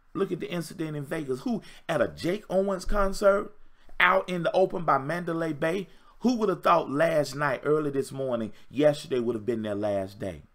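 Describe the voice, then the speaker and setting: A man in his fifties, a relationship coach giving an emphatic, preachy motivational talk on a livestream and repeating his points. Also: fairly high pitch. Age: 50s. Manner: emphatic, repetitive, preachy exhortation.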